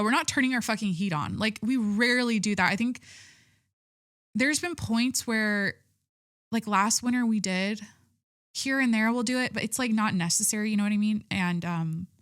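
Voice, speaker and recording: A woman in her thirties hosts a solo podcast in a mid-range voice, recorded dry and at studio quality. She chats casually and rambles, swearing often and using lots of filler words.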